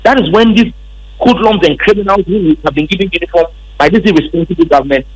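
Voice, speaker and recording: Ghanaian guy, kinda high voice, husky, retelling what happened really emphatic. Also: fast talker, no room sound, low-quality recording. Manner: emphatic, repetitive storytelling. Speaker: member of parliament. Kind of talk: recounting events in an interview.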